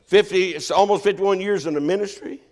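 A man's voice: high-pitched, brisk, darkish tone. An older man preaching a sermon as pastor, folksy and joking.

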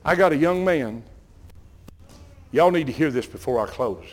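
An older man with a Southern US accent, preaching and telling folksy, animated stories while calling out to the congregation. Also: on the high side, normal speed. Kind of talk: sermon storytelling.

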